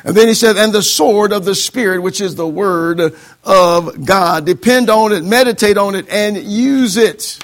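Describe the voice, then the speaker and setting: A man's voice: sits high, measured pace, a bit bright. A male pastor preaching a sermon, quoting scripture and calling for amens from the congregation. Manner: call-and-response preaching, quoting scripture, mocking excuses in voices.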